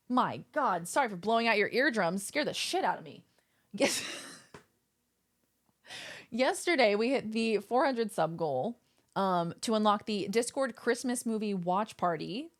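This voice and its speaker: A young woman hosts a casual livestream from her home setup. She rambles playfully to her viewers with goofy asides, and her voice sits at an ordinary middle pitch. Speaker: live streamer. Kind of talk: casual chat with stream viewers.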